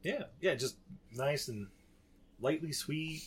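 A podcast co-host with a fairly high, husky voice speaks slowly in a casual chat. His manner is animated banter, and he laughs often.

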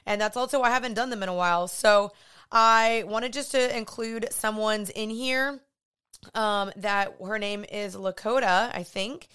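A woman's voice: medium pitch, fairly even intonation, unhurried, a bit bright, smooth. A young woman hosting her podcast, chatty and earnest, saying y'all. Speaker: podcast host. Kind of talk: casual podcast monologue.

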